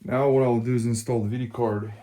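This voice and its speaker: A man's voice: medium pitch, steady tone, fairly quick, dark tone. Man talking through a PC upgrade. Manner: explains step by step while working, talks to viewers as guys. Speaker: tech video host. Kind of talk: casual hands-on tutorial.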